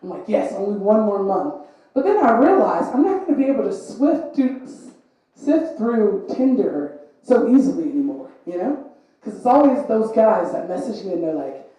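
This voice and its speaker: A woman's voice: on the high side, moderate pace. Young woman with a lisp, very echoey. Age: young adult. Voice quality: lisp from braces. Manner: animated, voices others in quotes. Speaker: stand-up comedian. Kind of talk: stand-up comedy set. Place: comedy venue with laughing audience. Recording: very echoey live room.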